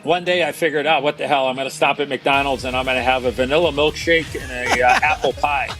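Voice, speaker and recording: A middle-aged man, a former ballplayer guest, telling relaxed stories and laughing easily. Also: medium pitch, fast talker, over music. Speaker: guest, former baseball player. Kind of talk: casual interview talk.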